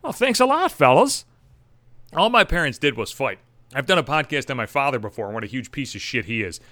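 A man's voice: mid-range voice, animated, quick pace, sharp tone, dry recording. Profane, sarcastic man ranting on a podcast. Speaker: podcast host. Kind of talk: solo podcast monologue.

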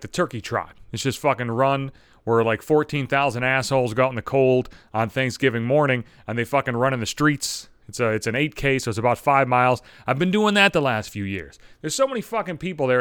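Lively, foul-mouthed man in his thirties. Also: mid-range voice, clean tone, no echo, clean studio sound. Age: 30s. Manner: exasperated, swearing constantly, self-deprecating rant. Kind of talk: profane comedic monologue.

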